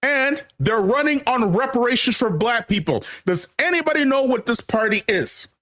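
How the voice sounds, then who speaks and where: A man's voice: very high voice, lively intonation, moderate pace, pushed and bright. A man hosting a casual commentary monologue, emphatic and repetitive, calling his viewers family and laughing often. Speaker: channel host.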